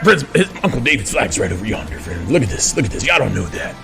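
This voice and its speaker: A man with a drawl preaches a heated rant into his camera from an office. His voice is bright and edgy with a gravelly fry. The pitch leaps and dives as he stammers through restarts. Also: very animated, fast, few pauses, faint music behind. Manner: preachy, repeatedly addresses "friends", stammers when worked up. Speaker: vlogger in the persona of a command sergeant major.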